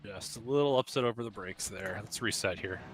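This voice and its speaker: A man's voice: fairly low pitch, fairly quick, noisy background. A man coaching as he drives on a live stream in a sim racing club, calling out short, clipped driving instructions in a running commentary.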